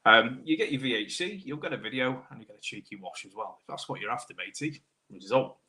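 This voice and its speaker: A British man, a car technician, hosting a live stream, chatting casually with viewers by name while clearing a sore throat. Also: mid-range voice, lively intonation, fast talker, bright, forceful tone. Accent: British English. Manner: chatty, matey banter, greets viewers by name. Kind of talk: casual live-stream chat reading comments.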